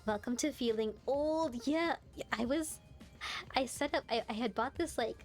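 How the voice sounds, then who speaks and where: A young adult woman streamer in casual live-stream chat, telling stories in an animated way and laughing often. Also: fairly high pitch, unhurried, faint music behind.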